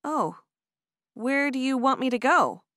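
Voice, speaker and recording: Woman voicing an excitable young Amish woman. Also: high voice, unhurried, no room sound, clean studio sound, pitched above the performer's own voice. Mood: eager. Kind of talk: audiobook character voice.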